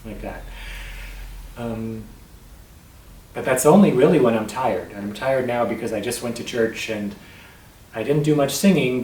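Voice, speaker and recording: A man speaks in a tight, strained voice that catches in his throat as he tells his story. He starts over often and clears his throat, and he sounds set back from the mic in an echoey room with a faint hiss behind him. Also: lowish voice, a little mellow, recorded from a distance. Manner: halting, with frequent restarts and throat clearing. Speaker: vlogger sharing his voice disorder. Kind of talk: personal vlog storytelling.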